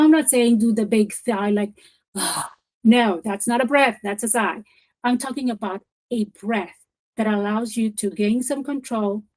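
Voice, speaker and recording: A woman with a slightly high voice presents a professional development webinar. Her delivery is lively and encouraging, like a coach. She leans on key words and repeats them for emphasis. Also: low-quality recording.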